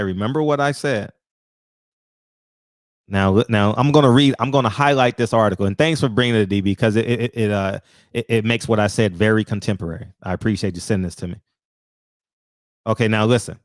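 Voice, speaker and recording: A man's voice: no echo, studio quality. A man hosting a casual opinion monologue, heated and profane, who fires off rhetorical questions and repeats words for emphasis. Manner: repeats words for emphasis, swings high and low. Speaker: show host.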